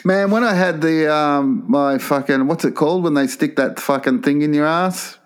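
A man's voice: fairly high pitch, normal speed, clean tone. A man telling rambling stories in casual sports banter, swearing freely.

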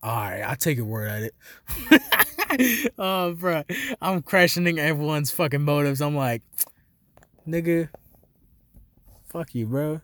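A young man chatting casually in a rambling, profane, excitable way, laughing often as he tells stories. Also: a little high, normal speed, long pauses, no room sound. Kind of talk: casual chat.

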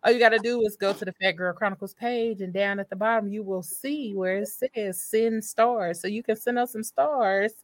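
A woman's voice: mid-range voice, moderate pace, hardly any pauses, no echo. A woman hosting a casual live-streamed talk show over a video call, playful and chatty with plenty of slang. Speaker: host.

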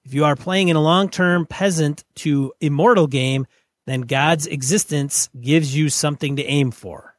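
A man co-hosting a podcast, his voice pitched a little high and recorded close with no room sound. He talks in a casual, measured way, reading listener notes and weighing in with blunt opinions. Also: dry recording. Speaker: podcast co-host.

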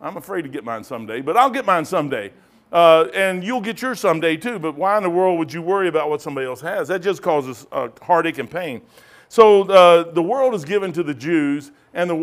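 A man's voice: on the high side, lively intonation, brisk. A man, a pastor teaching a casual Bible study in a folksy storytelling way. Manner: folksy storytelling, acts out quoted dialogue.

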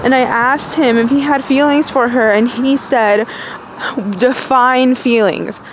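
A young woman in a personal voice diary, miserable and rambling, halting with many fillers and restarts. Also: sits high, fairly even intonation, a little hiss or hum.

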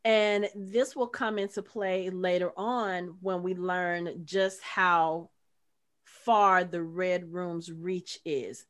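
Blunt, animated middle-aged woman podcaster. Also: lowish voice. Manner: animated, blunt, swears freely. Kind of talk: casual movie review chat.

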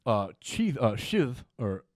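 A man's voice: medium pitch, sing-song, slow pace, no room sound, studio quality. A man in casual conversation, retelling film scenes with animation and briefly acting out the characters' lines. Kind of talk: casual film recap chat.

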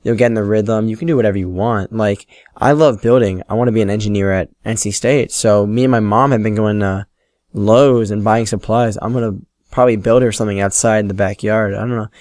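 A teenage guy talks alone into his podcast mic in a fairly low voice, the sound dry and close. He rambles through his stories and mocks himself, swearing freely along the way. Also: steady tone, fairly quick, darkish tone, dry recording. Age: late teens. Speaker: podcast host. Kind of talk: casual solo podcast storytelling.

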